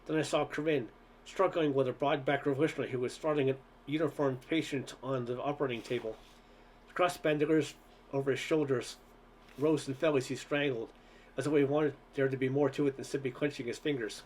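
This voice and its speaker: Brief: male audiobook reader, mid-pitched, earnest first-person storytelling, faint hiss behind. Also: steady tone, a little fast. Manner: earnest storytelling with occasional stumbles. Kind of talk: reading a novel aloud.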